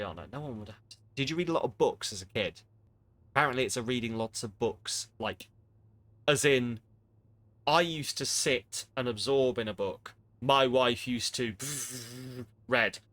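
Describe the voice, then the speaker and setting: A man's voice: medium pitch, bright, forceful tone. A man chatting casually over a game stream, blunt, sweary and rambling. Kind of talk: casual gameplay commentary.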